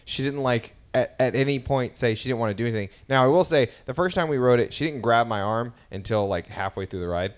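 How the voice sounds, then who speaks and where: This thirtysomething podcast co-host has a mid-range, clean-toned voice and talks quickly with few pauses. In casual chat he recounts family stories in a lively way, acting out what his children said.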